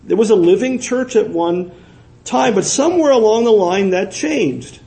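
Gravelly-voiced man preaching a sermon. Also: high-pitched, animated, normal speed, dark tone, poor audio. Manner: earnest, repeats words for emphasis, asks rhetorical questions. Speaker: pastor.

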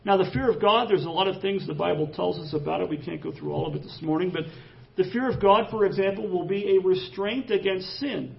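A man's voice: sits high, a little fast, gravelly, recorded from a distance. A man preaching an expository sermon, reading scripture aloud and pressing the points with rising emphasis. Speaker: pastor. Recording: dull lo-fi sermon audio.

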